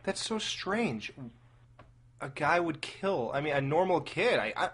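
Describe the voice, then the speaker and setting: A man hosting a podcast who rambles and asks hesitant questions. His voice is husky and sits a little high for a man. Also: sing-song, a little slow, fairly bright tone. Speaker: podcast host. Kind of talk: casual chat.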